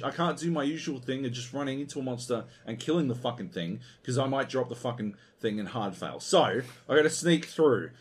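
A man's voice: mid-range voice, husky. A man co-hosting a video game podcast, ranting in a casual, profane and exasperated way. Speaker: podcast co-host.

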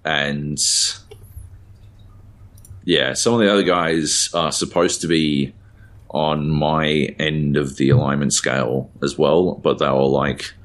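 Very deep-voiced man rambling casually. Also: fairly even intonation, slow pace. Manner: rambling, heavy fillers and casual swearing. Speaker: podcast co-host. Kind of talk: casual chat.

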